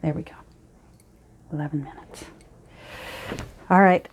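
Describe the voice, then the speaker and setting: Speaking a little slowly with fairly even intonation, a middle-aged Canadian-accented woman chats while she crafts for her vlog. Her low, gravelly, darkish voice rambles along, scolding herself amid frequent ums and sighs.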